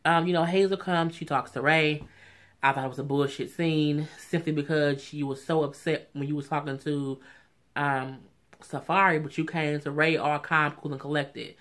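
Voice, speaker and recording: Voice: steady tone, normal speed, a bit bright. A vlogger recapping a reality show in a casual, opinionated chat, often saying "you know what I'm saying". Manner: acts out quotes in a high, mocking voice.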